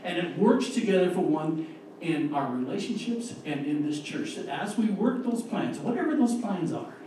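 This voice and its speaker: A man delivers an earnest sermon with a slightly raised, mellow tone, slowing to press each key word. The sound comes from far across a very echoey church, with a faint hiss underneath. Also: a little high, expressive. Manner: earnest, emphatic, slows down to stress key words. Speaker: lay preacher. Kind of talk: sermon with scripture reading. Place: church sanctuary. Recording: distant, echoey church room recording.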